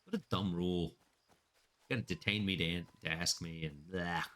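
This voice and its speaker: Deep-voiced man streaming a game. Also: brisk, bright, forceful tone. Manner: rambling, laughs often. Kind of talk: casual gameplay commentary.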